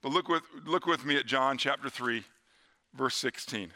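Middle-aged guy preaching a sermon, bright forceful voice, earnest, gets slow and quiet on the big lines. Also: medium pitch. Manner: earnest preaching, slows and drops to a hush on key lines. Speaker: pastor.

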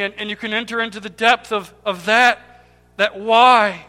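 A man preaching a sermon with impassioned swings between loud cries and hushed, near-whispered words, repeating key words for emphasis. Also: high voice, steady tone, normal speed. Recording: long hall reverb with faint music.

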